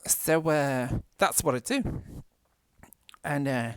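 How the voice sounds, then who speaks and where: A man's voice: fairly high pitch, expressive, takes it slowly, fairly bright tone, clean tone, dry recording, studio quality. A man with a Manchester accent chatting casually while playing a game at home, rambling, self-mocking and laughing often. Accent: Mancunian English. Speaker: gaming vlogger. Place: indoors at home.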